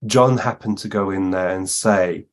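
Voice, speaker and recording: A man's voice: low voice, measured pace. A man, a guest medium, telling long anecdotes in conversation and acting out the lines of the people he quotes. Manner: narrates at length, acting out the speakers he quotes.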